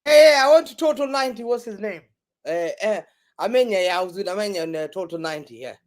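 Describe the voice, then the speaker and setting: Gleeful high-voiced man mocking rivals. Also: lively intonation, quick pace. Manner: mocking, gleeful, uses London street slang. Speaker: guest pundit. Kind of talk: heated football banter on a live stream.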